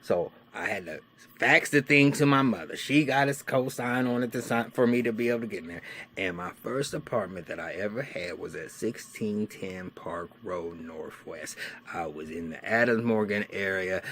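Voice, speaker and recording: A man with a fairly low voice tells his own life story as a loose, profanity-filled monologue. He drops to a near-whisper for some asides and bursts out loudly for others, with faint noise behind him. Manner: animated and profane, swinging from hushed asides to loud outbursts.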